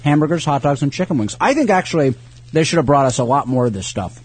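A man's voice: fairly high pitch, expressive, quick pace, husky. A man hosting a radio show from the studio, bantering and joking in a loose, rambling way. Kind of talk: casual on-air banter.

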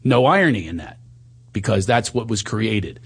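A man speaks at normal speed with a creaky, breathy edge, animatedly and candidly telling a personal story in conversation. He slips into higher voices when quoting himself and turns low and soft during tender moments.

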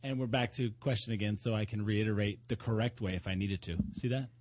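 A man's voice: fairly low pitch, quick pace, darkish tone. A man co-hosting a podcast, talking bluntly and swearing freely in casual banter. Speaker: podcast co-host.

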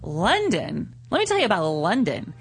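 A man hosting a live radio show in a studio, chatting in a casual, animated way and laughing often. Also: high voice, normal speed, husky, faint music behind.

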